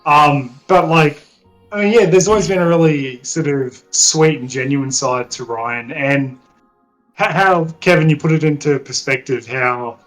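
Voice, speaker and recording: A man appearing as a guest on a casual podcast, answering thoughtfully with soft hedges. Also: a little high, measured pace, soft background music, rough recording. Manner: thoughtful, hedging with 'sort of' and 'like'. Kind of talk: casual chat.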